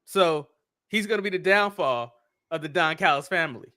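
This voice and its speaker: Um homem, co-apresentador de podcast, em conversa descontraída, reclamando com exasperação e hesitando. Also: male voice, fairly high pitch, lively intonation, normal speed, sharp tone. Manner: exasperated ranting, restarts. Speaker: podcast co-host. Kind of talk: casual chat.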